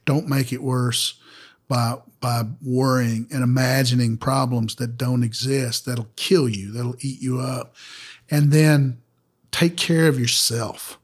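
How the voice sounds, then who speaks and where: Man, podcast co-host; husky, breathy tone, earnest and plainspoken. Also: medium pitch, steady tone, slow pace. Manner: earnest, advice-giving, trails off softly. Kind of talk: reflective podcast talk.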